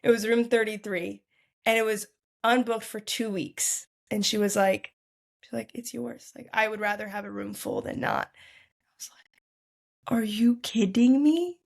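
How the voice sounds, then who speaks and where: A young woman telling a long personal story as a podcast guest in a lively, chatty way. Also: mid-range voice, normal speed, creaky. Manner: lively, chatty, lots of "like" and "y'all". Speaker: podcast guest, food entrepreneur. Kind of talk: casual storytelling.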